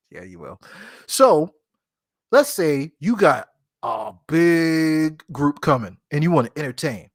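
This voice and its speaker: A man talks through a casual solo podcast, joking and laughing at himself as he goes. His pitch swings widely from low to high, and the close mic sounds dry, with no room echo. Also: sing-song, takes it slowly, vocal fry. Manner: playful, jokey, laughs at himself. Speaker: podcast host.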